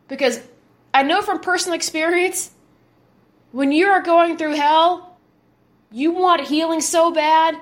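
Indignant high-voiced woman podcaster. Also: a little slow, pauses often. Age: 30s. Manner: indignant, emphatic, repeats words for force. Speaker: podcast host. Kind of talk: opinionated commentary monologue.

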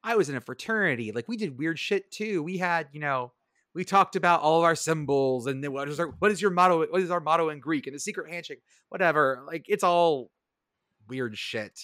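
A man's voice: on the high side, fairly quick, fairly bright tone, no room sound, clean studio sound. A man co-hosting a casual sports podcast, talking in a sardonic, rambling way and swearing freely. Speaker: podcast co-host.

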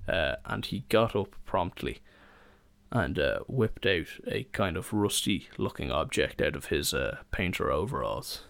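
Young guy rambling stories on his podcast, low voice, dry close sound. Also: expressive, measured pace, gravelly, fairly bright tone, no room sound. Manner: rambling, with many fillers and restarts. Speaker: podcast host. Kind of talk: casual solo storytelling.

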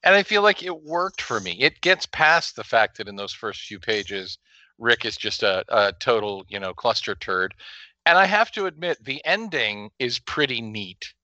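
A man's voice: medium pitch, expressive, normal speed, bright, forceful tone, no echo, muffled recording. A man co-hosting a casual comic review chat, making wry, sardonic remarks. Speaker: podcast co-host reviewing comics.

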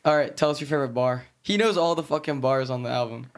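A man's voice: medium pitch, fast. A young man hosting a casual podcast chat, laughing often and joking loosely. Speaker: podcast host.

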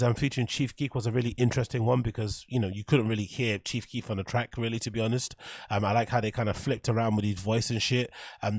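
In a mid-range voice on a dry recording, a podcast host talks through a loose, candid monologue, leaning on fillers and letting an occasional curse slip.

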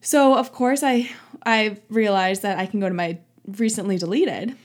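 A young woman in her twenties hosting a casual solo talk show, telling a story in a chatty, animated way with lots of "like" and "um" and frequent laughter. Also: mid-range voice, normal speed. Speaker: podcast host.

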